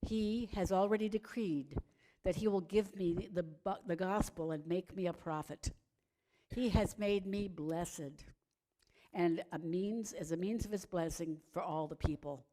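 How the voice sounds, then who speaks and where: A solemn, measured declaration from an infant prophet in a scripture story, read out by a woman storyteller. The voice is low, warm and unhurried. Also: lightly acted.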